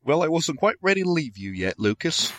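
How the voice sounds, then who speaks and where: A man's voice: fairly high pitch, big pitch swings, a little fast, fairly bright tone, voice pushed up. Man doing a wry, knowing talking cat.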